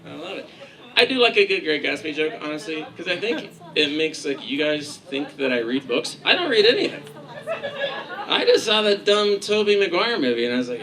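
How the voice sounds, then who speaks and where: A man's voice: high voice, big pitch swings, normal speed, a crowd in the background. A man from Kansas doing a stand-up comedy set on a club stage, rambling, profane and playfully sarcastic. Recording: noisy live club recording.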